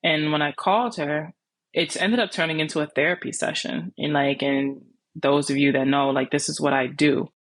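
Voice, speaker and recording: Animated woman host telling a story. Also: low-pitched, normal speed, dry recording. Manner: animated, retells conversations in quoted voices. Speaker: podcast host; landlord and life coach. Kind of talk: storytelling monologue.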